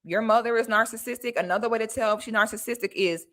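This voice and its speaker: Blunt bright-voiced woman vlogger. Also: on the high side, fast talker. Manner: blunt, preachy, addresses audience directly. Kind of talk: casual advice talk to viewers.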